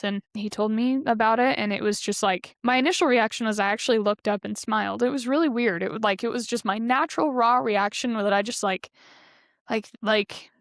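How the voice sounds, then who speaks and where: A woman's voice: fairly high pitch, no room sound, clean studio sound. Earnest young woman telling her story. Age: 20s. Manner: earnest, heavy use of "like". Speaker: podcast guest. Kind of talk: candid personal storytelling.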